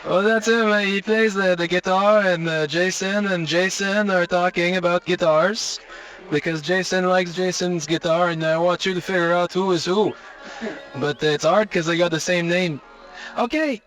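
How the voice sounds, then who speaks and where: A man's voice: sits high, fairly even intonation, a bit bright, soft background music, low-quality recording. A man playing a bumbling French Canadian podcast host with a French Canadian accent, interviewing someone in a restaurant with many fillers and restarts. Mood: chatty. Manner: halting, full of filler sounds and restarts. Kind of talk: comic on-the-road interview.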